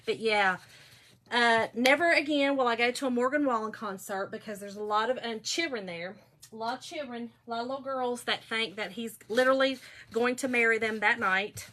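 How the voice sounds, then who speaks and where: A middle-aged woman hosts a craft video, chatting casually and telling gossipy stories straight to her viewers as she works. Her voice is on the high side, bright and forceful, at a moderate pace.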